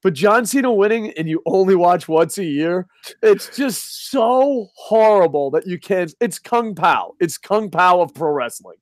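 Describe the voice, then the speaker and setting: A man's voice: high voice, expressive, unhurried, no echo. Sarcastic laughing man, dry close mic. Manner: sarcastic, laughing, swears freely. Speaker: podcast co-host. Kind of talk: casual chat.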